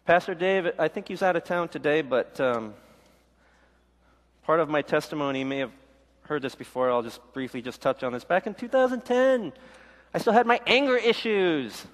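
A man's voice: fairly high pitch, normal speed, in a large hall. A middle-aged male pastor giving a sermon with a candid personal testimony, acting out the voices of people he quotes. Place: church.

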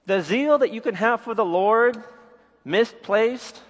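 A man's voice: high voice, slow, long reverb tail. A middle-aged male pastor giving a sermon with a candid personal testimony, acting out the voices of people he quotes. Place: church.

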